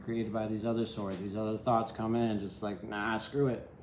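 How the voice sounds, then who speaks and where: A fairly low, darkish male voice with a flat delivery moves at a normal pace, with slight background noise and room echo. The speaker, a tarot reader, rambles casually through a reading, repeatedly asking "right?" and adding wry, self-deprecating comments.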